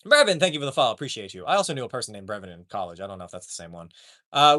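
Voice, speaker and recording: A man's voice: fairly low pitch, rapid-fire. A man chatting casually with his live-stream audience, joking and swearing often. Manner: profane, animated, joking.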